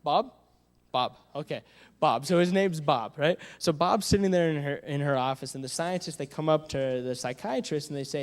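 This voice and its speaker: Young male keynote speaker, emphatic motivator with a slightly high voice, long hall reverb. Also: normal speed. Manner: energetic, emphatic, talks to the audience with rhetorical questions. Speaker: conference speaker. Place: conference hall stage.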